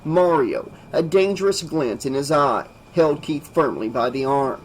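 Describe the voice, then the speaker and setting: A man reading a horror audiobook aloud in a steady, measured storytelling manner. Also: mid-range voice, slight background noise, poor audio. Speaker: audiobook narrator.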